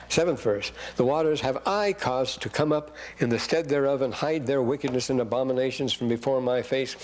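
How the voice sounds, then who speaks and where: A man's voice: medium pitch, darkish tone, slight background noise, poor audio. A man teaching a scripture class who reads verses aloud and keeps breaking off to comment and question the class. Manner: rambling, asks the class questions.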